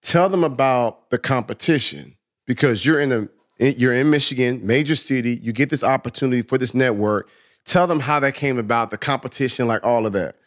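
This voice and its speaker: A man's voice: mid-range voice, brisk. An enthusiastic male podcast co-host in casual chat. He sets up questions in bursts and often restarts his sentences.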